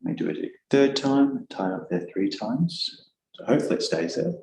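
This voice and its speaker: A man guiding a meditation session, giving calm, gentle instructions in an echoing room. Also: medium pitch, normal speed, creaky, a little hiss or hum. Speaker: meditation guide. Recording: echoey room.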